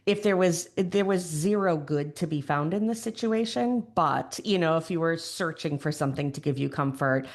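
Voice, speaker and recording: Woman, Chicago accent, middle-aged, low voice, gravelly fry, reflective, thoughtful podcast guest. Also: lively intonation, moderate pace, few pauses. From Chicago area, USA. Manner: thoughtful, searching for words, frequent restarts. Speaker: podcast guest, grief educator. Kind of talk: reflective conversational interview.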